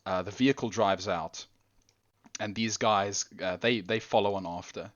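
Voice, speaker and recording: A man's voice: fairly low pitch, steady tone, normal speed, a bit bright, muffled recording. A man narrating a tabletop role-play game as game master, rambling and correcting himself. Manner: rambling, self-correcting, laughs often.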